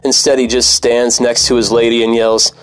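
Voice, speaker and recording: A man's voice: mid-range voice, flat delivery, moderate pace, smooth, soft background music. A man, a former cab driver, narrating a personal story in a bitter, profane, wry manner.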